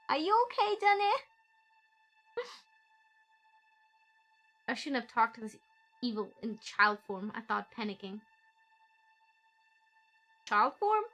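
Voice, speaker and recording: A woman's voice: high-pitched, bright, forceful tone. A young woman streaming a game, chatting in a bubbly, giggly way with her viewers. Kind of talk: casual live-stream chat.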